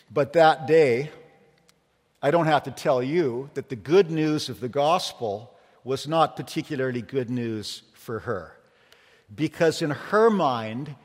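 A man preaches a sermon in a conversational, earnest storytelling manner with touches of humor. His voice sits slightly high for a man. A long reverb trails each phrase, as in a church sanctuary. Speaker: pastor.

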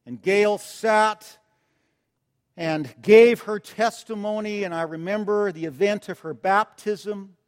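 High-voiced male pastor in a reverberant hall. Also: slow. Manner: storytelling, swings between loud emphasis and soft tender asides. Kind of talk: sermon. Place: church sanctuary. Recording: long church-hall reverb.

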